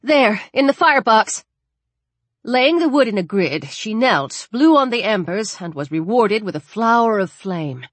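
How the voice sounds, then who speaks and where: A woman reading a horror story aloud in a measured, dramatic narrating style. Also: mid-range voice, sing-song, no echo. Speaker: audiobook narrator.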